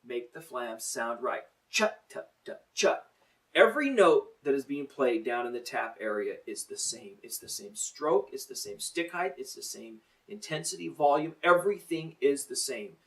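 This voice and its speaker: A man's voice: mid-range voice, animated, moderate pace, few pauses, far from the mic, low-quality recording. A middle-aged man teaching a drum lesson, counting in and coaching in a plain-spoken, encouraging way.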